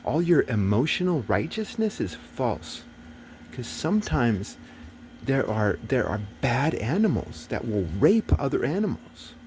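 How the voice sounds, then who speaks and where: A man's voice: medium pitch, big pitch swings, measured pace, darkish tone, slight background noise. A man talking in a rambling casual monologue, swearing often and turning agitated and preachy.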